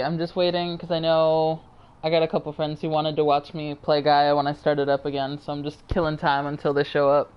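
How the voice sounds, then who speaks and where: A woman's voice: sits low, clean tone, dull audio. A tired woman streamer chatting casually and rambling to her viewers while she plays a game. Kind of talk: casual live-stream chat.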